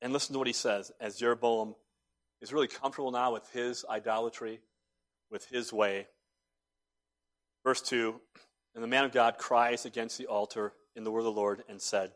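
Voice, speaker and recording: A man preaching a sermon as pastor, telling stories with animated swings between hushed and loud delivery in a church. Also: medium pitch, moderate pace. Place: church sanctuary.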